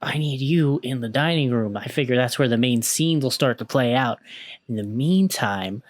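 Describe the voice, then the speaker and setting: Calm man role-playing his character. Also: mid-range voice, moderate pace, no echo. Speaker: player. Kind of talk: in-character tabletop role-play.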